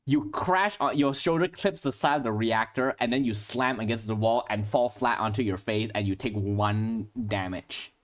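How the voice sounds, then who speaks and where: A man's voice: on the low side, normal speed, few pauses. A man running a tabletop sci-fi horror game as game master, narrating action and explaining rules with frequent restarts. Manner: steady, explains rules, restarts mid-phrase.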